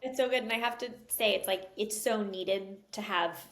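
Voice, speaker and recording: A woman's voice: medium pitch, normal speed. A woman in an enthusiastic, casual podcast conversation, eagerly agreeing and building on points.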